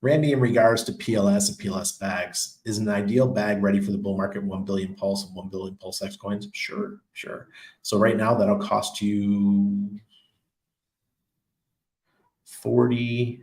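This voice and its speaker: A man's voice: lowish voice, little pitch movement, a little slow, darkish tone. Chatty man streaming in an echoey room. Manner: loose, chatty, laughs often, trails off with ums. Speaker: crypto livestream host. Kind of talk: casual livestream chat reading viewer comments.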